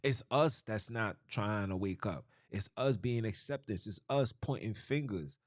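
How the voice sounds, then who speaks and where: A man's voice: fairly low pitch, measured pace, no room sound, clean studio sound. A man delivering an emphatic, preachy podcast monologue, often repeating himself and restarting phrases. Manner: emphatic, repetitive, frequent restarts. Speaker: podcast host.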